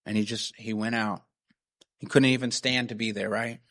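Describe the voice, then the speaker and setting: A man's voice: on the low side, steady tone, normal speed, fairly bright tone. A man preaching a sermon in an earnest, conversational way, often checking in with "right?" and "you know". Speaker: pastor.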